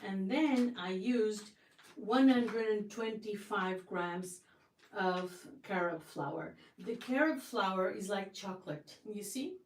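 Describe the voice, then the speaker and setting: A woman's voice: medium pitch, takes it slowly, a little hiss or hum. A woman hosting a casual livestream from her home kitchen, chatty and effusive, often restarting her sentences. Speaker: livestream host. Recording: roomy sound from a distance.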